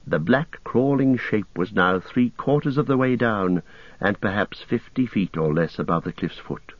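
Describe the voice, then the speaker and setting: A man narrating an audiobook in a measured, even manner. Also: fairly low pitch, dry recording, dull audio. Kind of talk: audiobook reading.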